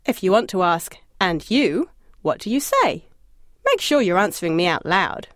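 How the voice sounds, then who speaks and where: A woman narrating a scripted audio language lesson, encouraging and lightly humorous, asking the listener to answer out loud. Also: medium pitch, sing-song, normal speed, no echo, studio quality. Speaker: language course instructor.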